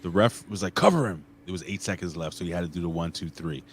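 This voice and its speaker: A man co-hosting a casual podcast, talking loosely and profanely with animated storytelling. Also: low-pitched, fast talker, slight background noise. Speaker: co-host.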